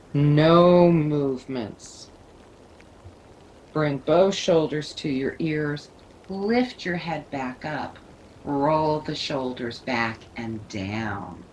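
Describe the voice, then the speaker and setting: A woman leading a yoga class, giving calm, soothing cues. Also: deep voice, slight background noise, low-quality recording. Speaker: yoga teacher. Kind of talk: guided yoga instruction.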